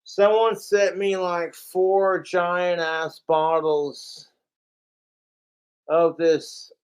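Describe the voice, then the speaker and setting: A man's voice: fairly high pitch, clear, resonant tone, rough recording. A young man ranting profanely and rambling on a casual livestream, talking straight to his chat.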